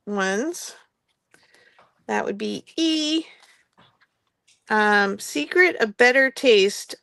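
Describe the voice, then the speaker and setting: A woman's voice: medium pitch, a bit bright, no room sound. A woman hosting a live craft-supply sale in a shop, chatty and often laughing, trailing off and restarting as she goes. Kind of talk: casual live sale chat. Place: indoor shop with construction noise nearby.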